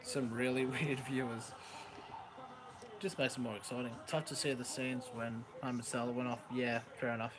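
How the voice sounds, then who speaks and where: A man's voice: medium pitch, level tone, moderate pace, a crowd in the background, rough recording. An Australian man chatting casually on a live stream, rambling and joking and laughing often, talking into a headset microphone.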